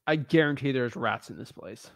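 With a creaky, medium-pitched voice at a moderate pace, a real estate wholesaler offers casual vlog commentary in studio quality with no room sound. He's animated and joking, thinking aloud to himself and his viewers while going through listings.

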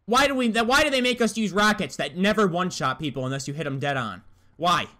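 A young man calls out a shooter match as he plays it, full of slang and cocky trash talk. His voice sits a bit high and sounds bright. It jumps up and down in pitch as he gets hyped. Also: sing-song, a little fast. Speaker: gaming YouTuber. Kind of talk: live gameplay commentary.

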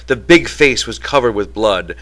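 Bright-voiced male audiobook narrator. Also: lowish voice, animated, normal speed. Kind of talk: novel reading.

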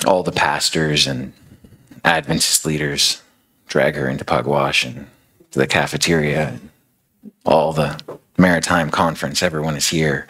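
A man preaching a sermon in a loose, storytelling style, full of casual fillers. His voice sits extremely low with a gravelly fry, and it has a husky roughness throughout. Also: fairly even intonation, moderate pace, pauses often, a bit bright, rough recording. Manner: casual, filler-heavy retelling. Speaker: speaker.

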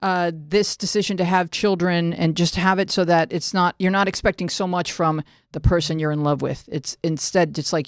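A woman's voice: on the low side, fairly even intonation, normal speed, few pauses, no room sound, clean studio sound. A woman hosting a casual podcast conversation and steering it playfully. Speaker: podcast host. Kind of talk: casual chat.

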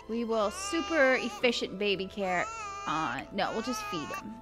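A woman's voice: mid-range voice, sing-song, measured pace, loud music behind the voice. A young woman hosting a casual let's-play, chatting animatedly with her viewers while she plays. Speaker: gaming channel host.

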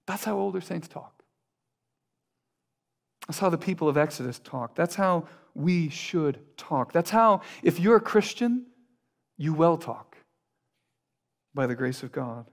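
High-voiced male pastor preaching earnestly. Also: lively intonation, unhurried, creaky, pauses often. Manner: earnest, building repetition with sudden quiet drops. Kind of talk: sermon.

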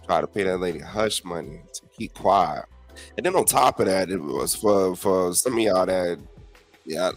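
A man hosting his own podcast, talking in a blunt, profane, animated rant to his listeners. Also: low voice. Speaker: podcast host. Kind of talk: casual solo commentary.

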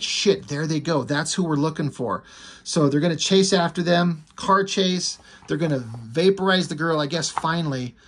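A man's voice: mid-range voice, a bit bright, slightly rough. A man casually reviewing a comic book, enthusiastic and swearing freely, with many fillers. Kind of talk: casual comic review, reading quoted dialogue.

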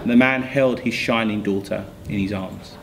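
A man's voice: lowish voice, steady tone, moderate pace, noisy background. Man reading a folk tale aloud. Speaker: school staff reader. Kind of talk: storybook read-aloud.

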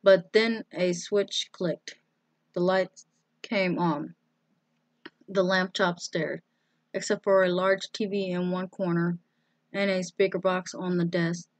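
A woman reading a children's storybook aloud, slowly and carefully. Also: lowish voice, fairly even intonation, no echo. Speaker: storybook reader.

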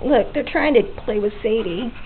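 A woman's voice: a little high, moderate pace. A woman chatting and laughing as she coaxes puppies, indoors at home in a casual home video. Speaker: pet owner filming puppies. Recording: tinny, noisy home video.

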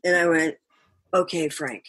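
An older woman from the Boston area, a musician guest telling an animated story, laughing often and acting out quotes. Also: deep voice, measured pace, breathy edge, no echo. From Boston area, USA. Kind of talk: storytelling interview.

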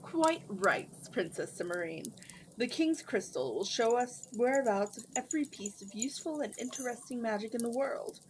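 A woman's voice: fairly high pitch, animated, normal speed, slight background noise, close to an everyday voice, poor audio. A woman reading aloud and voicing a vain, theatrical male wizard with a haughty, showy way of talking. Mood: smug. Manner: haughty, grandly theatrical, shrieking when crossed.

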